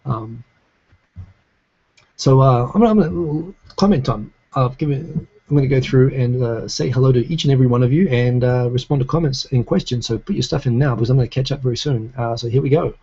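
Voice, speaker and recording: A New Zealand man with a New Zealand accent hosts a casual live stream from his home in Tokyo, chatting and reading out viewer comments. His mid-range voice is warm with a breathy edge and a fairly quick pace, and his talk rambles with frequent restarts and fillers. The audio sounds dull.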